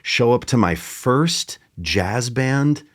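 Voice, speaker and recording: Middle-aged man, casual podcast storytelling, lively swooping pitch, acts out other people's voices. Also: takes it slowly. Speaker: bass teacher, podcast co-host.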